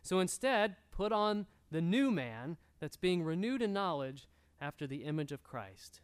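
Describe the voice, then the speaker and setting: Lively high-pitched preaching pastor. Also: male voice, unhurried, smooth. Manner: earnest, exhorting, repeats key phrases. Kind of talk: sermon. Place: church room.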